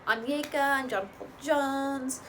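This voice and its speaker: A woman casually recapping a reality show, chatty, with lots of "like" and "you know" and lively quoted bits. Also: high-pitched, takes it slowly, slight background noise, rough recording. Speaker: recap host.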